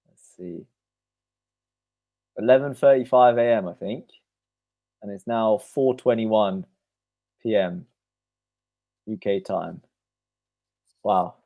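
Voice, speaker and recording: Low-voiced man calling tennis live. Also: phone-quality sound. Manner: rapid shot-by-shot calling, reading out chat comments. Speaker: live tennis play-by-play streamer. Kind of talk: live play-by-play commentary.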